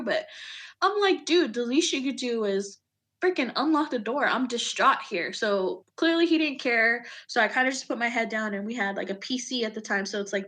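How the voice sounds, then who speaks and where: A woman in her thirties, an Army veteran, telling a personal story in an emotional, animated way, with casual swearing and acted-out quotes. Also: fairly high pitch. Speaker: podcast guest, Army veteran.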